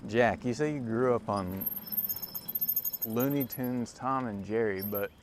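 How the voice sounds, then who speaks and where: Slow-talking man in his forties. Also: medium pitch. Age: 40s. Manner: rambling, self-amused, chatting with viewers. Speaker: livestreamer. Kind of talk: casual chat while riding. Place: outdoors on a cargo bike by a lake. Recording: outdoor ride with clear background noise.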